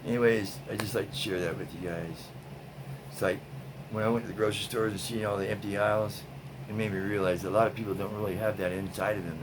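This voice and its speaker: A man's voice: lowish voice, noisy background. A man hosting a craft video, chatting to viewers in a laid-back way and dropping "man" and "you know" into his talk. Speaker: tie-dye video host. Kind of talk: casual storytelling to viewers.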